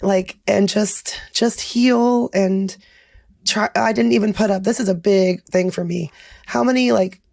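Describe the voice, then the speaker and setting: A woman's voice: mid-range voice, fairly even intonation, unhurried, creaky. A woman co-hosting a podcast in casual chat, her voice worn from a recent illness, speaking reflectively. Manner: reflective, soft-spoken, recovering from illness. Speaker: podcast co-host.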